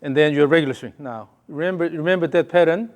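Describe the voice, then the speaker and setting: A man's voice: on the high side, fast talker. A male golf coach giving a hands-on lesson, calling short repeated cues and humming the count and rhythm.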